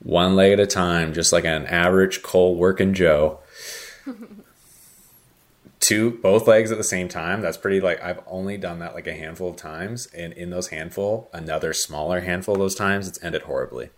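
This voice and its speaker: A man's voice: low-pitched, fairly even intonation, normal speed. A young man co-hosting a casual chat, rambling with many fillers and dry jokes. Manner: rambling, filler-heavy, joking. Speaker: podcast co-host.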